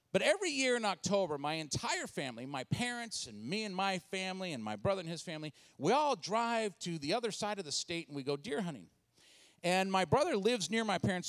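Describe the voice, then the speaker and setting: A man in his forties from Washington State, giving a comedic church talk and acting out voices in his stories. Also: high-pitched. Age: 40s. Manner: animated storytelling with acted-out voices. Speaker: speaker and comedian.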